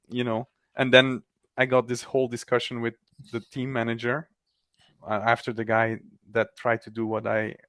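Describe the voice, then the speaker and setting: An animated man talks shop in casual technical chat, tumbling through quick restarts and acting out other people's lines. His voice sits at a middle pitch. The sound is dry and close, with no room around him. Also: no room sound.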